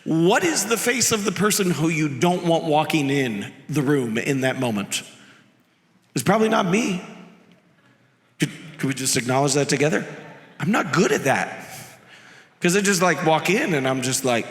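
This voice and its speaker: A man preaching a sermon as pastor, animated and jokey, acting out quotes from the passage. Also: a little high, moderate pace, pauses often. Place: church sanctuary. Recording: echoey church hall.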